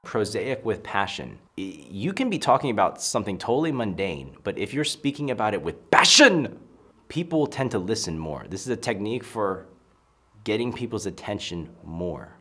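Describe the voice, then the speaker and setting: A man's voice: lowish voice, sing-song, moderate pace, breathy edge. A man giving casual, emphatic advice on conversation, acting out example lines. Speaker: social skills coach. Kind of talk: casual advice talk to camera.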